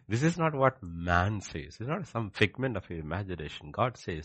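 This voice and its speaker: A man preaching a sermon with emphatic rhetorical questions, swinging between loud declarations and hushed asides. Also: on the low side, sing-song, moderate pace, slightly rough, no echo.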